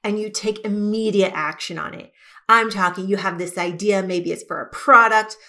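A woman hosting a podcast, giving an energetic, emphatic motivational talk and stretching key words for effect. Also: medium pitch, moderate pace. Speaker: podcast host.

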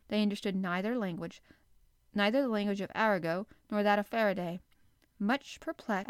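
A woman narrating a classic adventure novel in a clear, measured reading voice. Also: mid-range voice, no room sound, studio quality. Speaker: audiobook narrator. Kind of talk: scripted narration.

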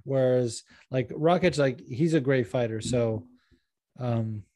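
A man's voice: medium pitch, slow pace, mellow, no room sound. A man hosting a casual podcast, rambling with lots of fillers and laughing easily while reading listener questions. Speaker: podcast host.

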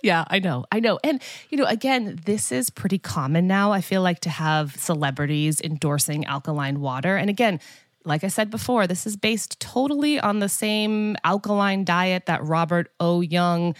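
A woman's voice: lowish voice, moderate pace, no room sound, studio quality. A woman co-hosting a podcast as a dietitian, chatting casually and leaning on "like" a lot. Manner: chatty, lots of filler "like".

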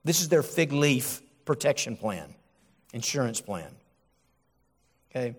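Lively preacher man in a reverberant hall. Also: medium pitch, unhurried. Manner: animated, acts out quoted voices. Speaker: pastor. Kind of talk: sermon.

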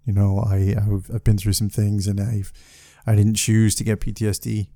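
A man hosting a solo podcast, talking in a halting, profane way with many restarts and sounding frustrated. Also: lowish voice, fairly even intonation, dark tone, no room sound, clean studio sound. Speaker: podcast host. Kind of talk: casual solo podcast monologue.

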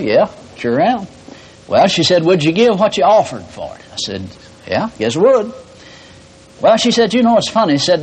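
A man's voice: on the high side, breathy edge, poor audio. A man preaching a sermon, telling personal stories in a folksy way and often tagging on "see". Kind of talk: sermon teaching.

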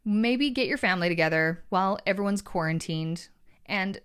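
An upbeat woman gives a casual motivational talk straight to her viewers, earnest and encouraging. Her voice sits at an ordinary middle pitch, and she keeps drifting into chatty asides to the audience. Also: normal speed, a bit bright, clear, resonant tone. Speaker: motivational speaker.

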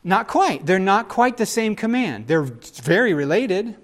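A middle-aged man preaching in an animated, conversational way and often turning to his listeners with asides. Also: sits high, a little slow, hardly any pauses. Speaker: pastor. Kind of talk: sermon.

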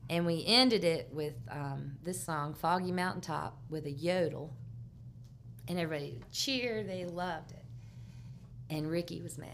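A woman's voice: lowish voice, measured pace, a little hiss or hum. Laughing woman musician telling a story. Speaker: musician guest. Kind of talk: casual chat and storytelling. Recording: loud guitar under the voice. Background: guitar music.

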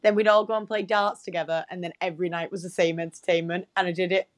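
A woman's voice: on the low side, little pitch movement, fast talker. A young woman co-hosting a podcast in casual chat, blunt and teasing, with frequent swearing. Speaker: podcast co-host.

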